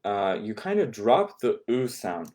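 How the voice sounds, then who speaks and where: A man's voice: lowish voice, very animated, a little slow, a little mellow. A man teaching an online Japanese class, patiently repeating words and checking in with "okay?" after each point.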